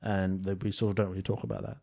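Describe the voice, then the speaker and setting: Talking about a film on a podcast he co-hosts, a man keeps things chatty, jokey and self-deprecating. His low, dark voice comes out quick and completely flat.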